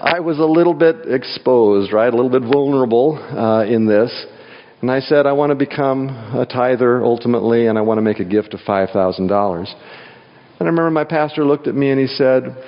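A man's voice: mid-range voice, fairly quick. A man giving a sermon as a guest speaker in church, telling personal stories and jokes and reading scripture aloud. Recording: dull sound in a hall with long reverb.

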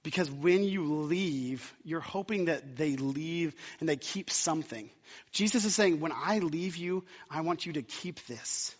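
A man's voice: on the high side, animated, a little slow. A man preaching a sermon, impassioned and building to emphatic climaxes. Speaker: pastor. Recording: muffled sound with long hall reverb.

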